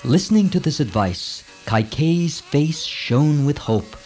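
A man narrating an old tale in a measured, formal storybook reading. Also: on the high side, lively intonation, darkish tone, faint music behind, low-quality recording.

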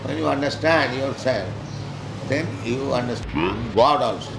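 A man speaks as a spiritual teacher, moving between chanted verses and blunt, emphatic scolding. His voice sits at an ordinary middle pitch. The recording is roomy and echoey, with clear traffic noise running underneath. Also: animated, unhurried. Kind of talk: informal philosophical talk with chanted verses.

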